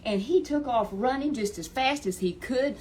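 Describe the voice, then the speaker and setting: A woman storyteller telling a Bible story in an animated, chatty way with lots of repetition. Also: high-pitched, moderate pace, slight background noise.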